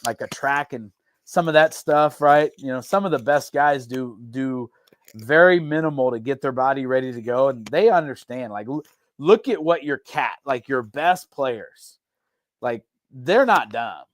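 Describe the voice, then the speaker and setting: A man, a head football coach talking casually on a podcast in a relaxed, rambling way with many restarts. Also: medium pitch, a little slow.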